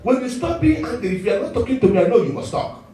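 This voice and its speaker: A man preaching a sermon as pastor, animated and often chuckling as he talks. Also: extremely high pitch, quick pace, soft background music. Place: church hall. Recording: echoey church hall, mic at a distance.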